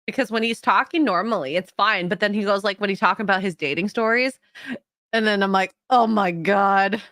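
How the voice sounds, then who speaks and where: A woman from Canada hosting a casual livestream chat, giggly and animated, gasping as she reacts. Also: mid-range voice, fast talker, no room sound, clean studio sound.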